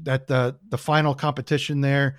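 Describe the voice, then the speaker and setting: A man's voice: medium pitch, flat delivery, moderate pace, no echo, clean studio sound. A man from the United States chatting casually as a podcast guest, telling rambling, enthusiastic stories with lots of fillers.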